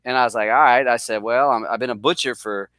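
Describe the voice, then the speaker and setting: Bright-voiced middle-aged man telling a story. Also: mid-range voice, steady tone, fast talker, clear, resonant tone, no echo. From northern US. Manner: rambling, self-deprecating, jokes around. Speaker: guest. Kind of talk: casual storytelling.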